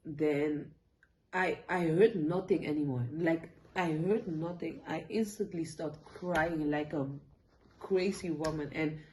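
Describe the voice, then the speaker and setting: A young woman recounts a painful personal story for her vlog, her voice low-pitched and mellow. She speaks haltingly, circling back with fillers and restarts and sometimes close to tears. A faint hiss of background noise sits under her voice. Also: poor audio. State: tearful at times. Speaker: vlogger. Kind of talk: emotional personal story time.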